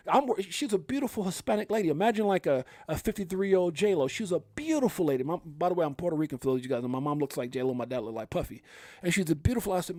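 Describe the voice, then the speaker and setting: A man's voice: high-pitched, lively intonation, rapid-fire, mellow, no echo, studio quality. A middle-aged man hosting a livestream, talking to his viewers in a heartfelt, rambling way that keeps repeating itself. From California. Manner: rambling, emotional, repeats himself. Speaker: crypto livestream host.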